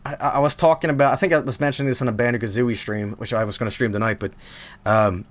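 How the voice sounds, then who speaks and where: A man's voice: medium pitch, steady tone, quick pace. A man with a thick Swedish accent rambling casually to his stream chat, profane and full of asides.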